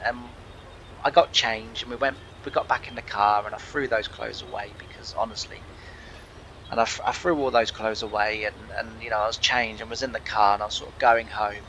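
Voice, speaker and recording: Bright-voiced man telling a story. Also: mid-range voice, slight background noise, poor audio. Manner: rambling, halting, with many restarts. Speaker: farming game channel host. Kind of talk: personal storytelling.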